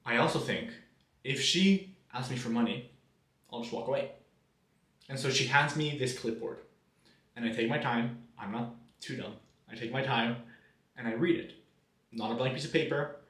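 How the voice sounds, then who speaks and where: Brief: young man recounting a story to camera, hesitant restarts, average pitch, roomy echo. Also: moderate pace, long pauses, fairly bright tone. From Mexico. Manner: self-deprecating, hesitant restarts. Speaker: vlogger.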